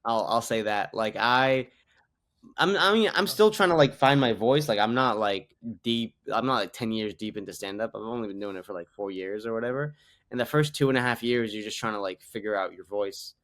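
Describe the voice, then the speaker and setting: A man's voice: on the low side, fairly quick, fairly bright tone. A man in his twenties from Canada, a guest comedian telling rambling anecdotes full of "like.". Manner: rambling anecdotes, heavy use of "like". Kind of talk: casual podcast storytelling.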